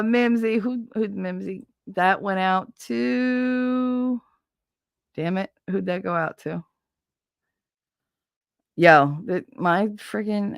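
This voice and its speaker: A woman's voice: low voice, fairly bright tone, clean tone, dry recording, studio quality. Blunt, foul-mouthed woman streaming. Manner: blunt and profane, rambling. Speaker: livestreamer. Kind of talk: casual stream chat. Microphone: desk microphone.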